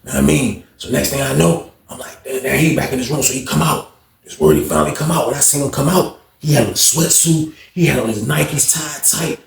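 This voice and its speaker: A man's voice: mid-range voice, a little fast, gravelly. A young man telling a story in a loose, slangy way, acting out what people said. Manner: animated slangy retelling, acts out quotes. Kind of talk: casual jailhouse storytime. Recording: echoey room.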